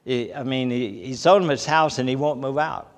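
A man's voice: medium pitch, normal speed. Older male preacher, folksy storyteller, chuckles between anecdotes, hall reverb. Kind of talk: folksy sermon with personal stories.

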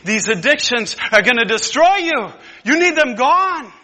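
A man's voice: very high-pitched, big pitch swings, measured pace, pushed and bright, long reverb tail, voice pushed up, full character voice. A man voicing God as an urgent, exasperated figure who warns a sinner to give up his addictions.

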